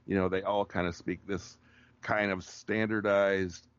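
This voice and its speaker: Low-ish voiced guy with a rural wisconsin accent, explaining stuff slowly, dull dry audio. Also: little pitch movement, clear, resonant tone, dry recording. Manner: measured, explanatory, with fillers. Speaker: interview guest. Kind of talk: casual interview conversation.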